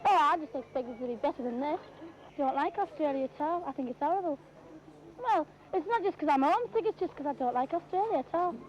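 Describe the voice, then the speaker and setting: A woman's voice: high voice, lively intonation, fast, slight background noise. A woman in an archival interview complaining bluntly, in a dull lo-fi old recording.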